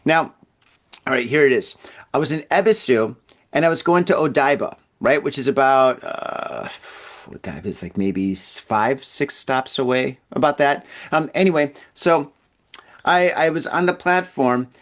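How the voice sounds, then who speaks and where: A man's voice: medium pitch, moderate pace, a bit bright. A man hosting a podcast, telling a long casual story in a rambling way, stammering and repeating his words. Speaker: podcast host.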